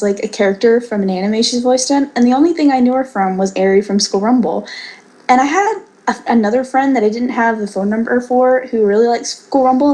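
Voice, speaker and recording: A woman's voice: fairly high pitch, darkish tone. A young woman co-hosting a casual podcast, chatting loosely and laughing sheepishly. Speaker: podcast co-host. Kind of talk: casual chat.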